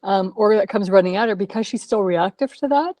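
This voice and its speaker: A woman's voice: mid-range voice, brisk, warm tone, no room sound. A woman taking part in a dog training class, thoughtfully describing a problem she has with her dog. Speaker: class participant.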